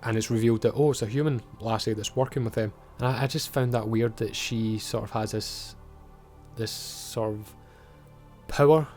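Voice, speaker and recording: Scottish man, mid-pitched voice, casual TV recap, blunt, swears a lot. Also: steady tone, normal speed, darkish tone, faint music behind. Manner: blunt, swears freely, chatty. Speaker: TV show reviewer.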